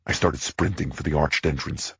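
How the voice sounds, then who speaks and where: Man reading a thriller in first person, very deep, dull dry lo-fi sound. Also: fairly even intonation, gravelly, breathy edge, no echo. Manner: tense, measured. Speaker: audiobook narrator.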